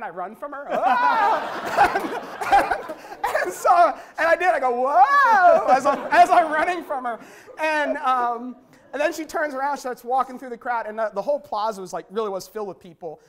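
A man who works as a street preacher, telling stories in a conversational interview, swinging from low and quiet to high and loud. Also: fairly quick, some chatter behind, slight background noise. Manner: conversational, many fillers and restarts. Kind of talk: storytelling in an interview.

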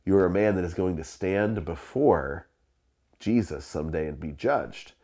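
A man with a very low voice tells a story from the pulpit in a loose, conversational way. He stumbles over restarts and fillers, and he chuckles as the story unfolds. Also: unhurried, mellow. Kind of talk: sermon storytelling.

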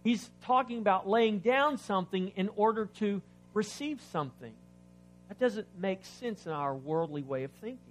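Man preaching with a higher voice. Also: animated, normal speed, faint music behind. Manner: expository preaching, reads scripture and asks the congregation questions; shifts between loud emphatic lines and quiet asides. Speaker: pastor. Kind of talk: sermon.

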